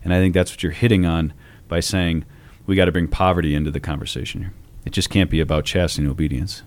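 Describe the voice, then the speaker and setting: This podcast co-host, a man, has a low, steady voice and a quick pace. His casual theological discussion is conversational and digressive, full of anecdotes and fillers.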